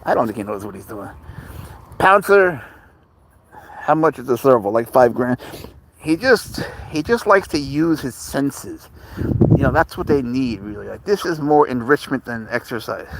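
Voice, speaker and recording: A man's voice: medium pitch, expressive, a little slow, slight background noise. A man hosting a casual livestream outdoors in a park. He rambles and answers viewer questions as he walks his cat, talking into a phone.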